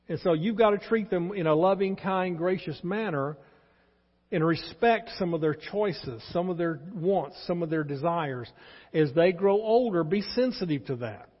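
A man in his sixties with a Texan accent preaches earnestly and pleadingly as pastor in a church sanctuary, repeating his key points. His voice is on the high side, animated and slightly rough at a moderate pace, and the recording is dull and lo-fi with long reverb.

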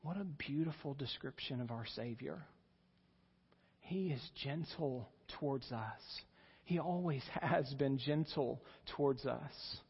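Earnest pastor preaching in a hall. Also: male voice, slow, husky, dull audio. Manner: earnest, rises in pitch and volume for emphasis. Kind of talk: sermon. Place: church sanctuary.

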